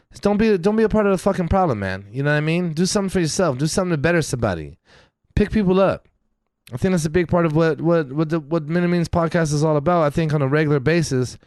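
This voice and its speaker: A man co-hosting a casual podcast, ranting with heavy swearing and emphatic repetition. His voice rides a little high and swings widely in pitch as he gets worked up. The sound is dry and close. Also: a little mellow, no echo. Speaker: podcast co-host. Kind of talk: casual chat.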